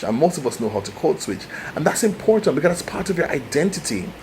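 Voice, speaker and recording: A man's voice: medium pitch, a little mellow, slight background noise. A Jamaican man speaking in a casual, passionate monologue, emphatic and restarting his phrases often. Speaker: host.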